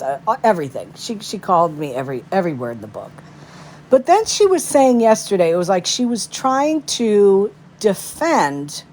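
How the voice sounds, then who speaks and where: A woman's voice: fairly low pitch, a little mellow. A woman talks straight into her phone on a livestream. Her voice swoops up and down as she rants. She is indignant and stacks up one rhetorical question after another. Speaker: livestream commentator. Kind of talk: casual ranting commentary.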